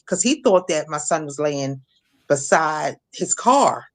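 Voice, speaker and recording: Halting middle-aged woman recounting trauma. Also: deep voice, animated. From Maryland, USA. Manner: halting, many restarts and fillers. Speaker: guest. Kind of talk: emotional personal testimony.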